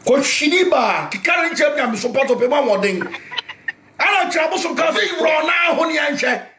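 A Ghanaian man rants like a preacher in a very high voice that swings widely up and down. He shouts often and talks with fierce force. The recording is echoey with a faint hiss behind him. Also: lively intonation, normal speed. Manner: loud, shouting, fiery. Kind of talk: fiery spoken rant. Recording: echoey room, faint noise.

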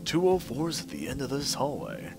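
A man's voice: medium pitch, wildly swooping pitch, a little fast, gravelly. A man giving commentary while playing a horror game, reading the on-screen text aloud and musing to himself. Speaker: let's play commentator. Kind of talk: gameplay commentary. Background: game music.

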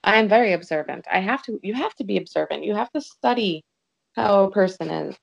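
A woman's voice: medium pitch, animated, brisk, vocal fry, husky. A woman guest on a podcast, trading blunt, dry comebacks in casual chat. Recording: dull lo-fi sound.

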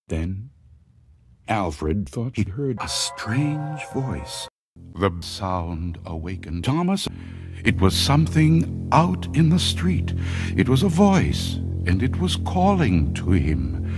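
A man telling a comic parody of a scary story in a dramatic, slow storytelling manner. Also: deep voice, big pitch swings. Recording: music playing behind.

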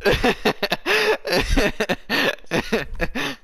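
A man's voice: very high voice, wildly swooping pitch, very slow, vocal fry, bright, forceful tone, slightly rough. A young man streaming a shooter game, casually teasing other players over voice chat on a headset mic. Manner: playful, teasing, often laughing.

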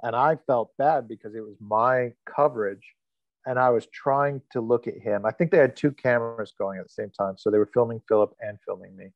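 A man's voice: medium pitch, fairly quick, no echo. Candid, swearing man on a muffled call. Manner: candid, swears freely, laughs while telling stories. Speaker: actor interviewee. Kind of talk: casual anecdote telling. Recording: dry, slightly muffled lo-fi recording.

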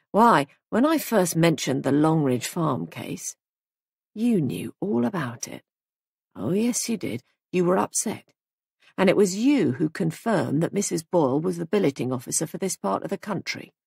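A woman's voice: sits low, vocal fry, a little mellow, breathy edge, no echo, studio quality, heavily acted. A woman reading the lines of a young man posing as a police sergeant, smug and coolly menacing.

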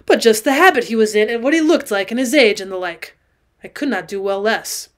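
A woman's voice: mid-range voice, fairly quick. A woman teacher reading a classic adventure novel aloud as an audiobook, voicing the characters' lines with extra emphasis.

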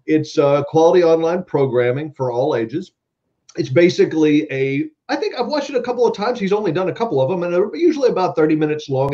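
A man's voice: medium pitch, a little mellow. Chatty upbeat male talk show host. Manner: chatty, upbeat, many fillers. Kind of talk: casual online talk show hosting. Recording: dull lo-fi audio.

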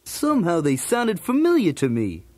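High, bouncy, streetwise cartoon dog narrating a toy story tape; dry close sound. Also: male voice, huge pitch swings, normal speed, no echo, full character voice. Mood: breezy. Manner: jokey, streetwise, punning. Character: cool wisecracking male cartoon dog.

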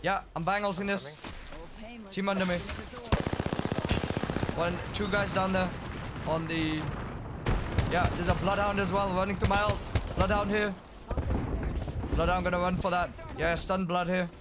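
High-voiced young man calling shots. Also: steady tone, very noisy. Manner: terse rapid callouts, hums to himself. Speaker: streamer. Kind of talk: competitive gaming callouts. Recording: game gunfire over the voice. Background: game gunfire and effects.

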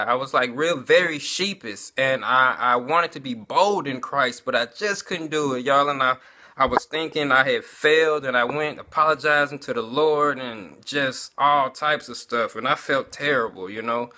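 A man's voice: mid-range voice, moderate pace, sharp tone. A man giving a casual personal testimony, talking conversationally and often addressing his listeners as y'all.

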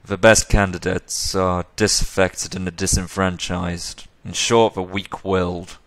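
A man's voice: low voice, little pitch movement, unhurried, a bit bright, no echo. A man voicing a flippant, condescending male elf who lectures at length with sarcasm. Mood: lecturing.

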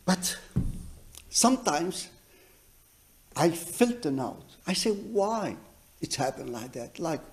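In a music college teaching room, a man leads a double bass masterclass and tells anecdotes. His speech halts and he often restarts sentences while hunting for words, then he turns emphatic, animated storyteller that he is.

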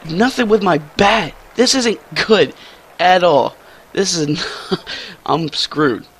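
A young man giving casual, slangy commentary over his own baseball video game play, often jumping into excited yelps. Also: slow, husky. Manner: excitable, slangy, jumps to high squeals when thrilled. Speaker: gaming YouTuber.

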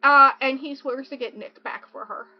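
A woman's voice: high-pitched, moderate pace, faint music behind. A young woman hosting a casual podcast, gushing about a book and reading passages aloud. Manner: gushing, excitable, swings between reading and joking. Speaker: podcast host. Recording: dull lo-fi podcast audio.

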